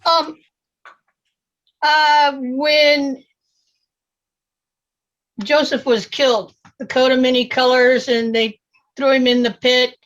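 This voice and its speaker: Woman, high even voice, slow, video call participant. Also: low-quality recording. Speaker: study participant.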